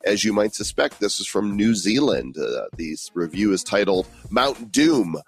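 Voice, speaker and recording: A man's voice: lowish voice, sing-song, unhurried, husky. A man co-hosting a casual podcast, joking with his partner and reading listener reviews aloud. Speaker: podcast co-host.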